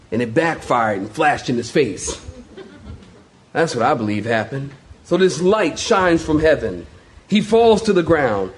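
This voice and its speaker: A man's voice: on the high side, a little mellow, a little hiss or hum. A male pastor preaching a sermon, telling stories with animation, laughter and acted-out voices.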